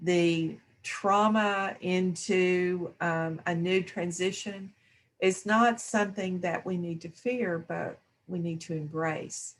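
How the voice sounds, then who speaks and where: A woman speaking in a reflective spiritual discussion, slow and thoughtful. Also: lowish voice, fairly even intonation, slight background noise. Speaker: discussion panelist.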